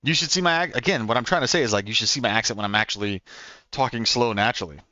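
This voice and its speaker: A young man from Oklahoma with an Oklahoman accent, chatting quickly with his stream viewers, repeating words and laughing often. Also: mid-range voice, pushed and bright, no echo, dull audio. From Oklahoma, USA. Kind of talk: casual live-stream chat with viewers.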